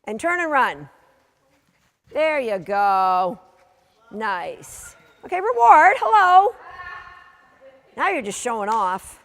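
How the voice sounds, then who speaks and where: A woman instructing a dog training class, giving brisk, matter-of-fact commands to a dog and its handler, sometimes teasing. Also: medium pitch, sing-song, fairly bright tone. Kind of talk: coaching a live training session. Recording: long reverb of a large hall.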